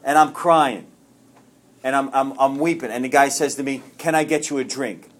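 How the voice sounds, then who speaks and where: A middle-aged man speaks to a room of peers, telling his own story in a loose, rambling way. His voice sits in an ordinary middle pitch, earnest and self-deprecating, with plenty of restarts. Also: moderate pace. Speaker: speaker sharing at a recovery meeting. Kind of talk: personal testimony to a group.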